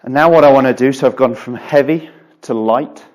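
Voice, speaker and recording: A man who is a golf coach, explaining and demonstrating a drill in a relaxed, chatty way with frequent fillers, in an indoor golf studio. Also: mid-range voice, brisk. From England. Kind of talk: instructional video lesson.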